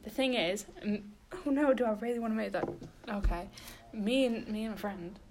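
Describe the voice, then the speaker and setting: A woman's voice: mid-range voice, moderate pace, noisy background. A woman playing a tabletop game, giggly and awkward as she talks. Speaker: player. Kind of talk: casual tabletop game chat.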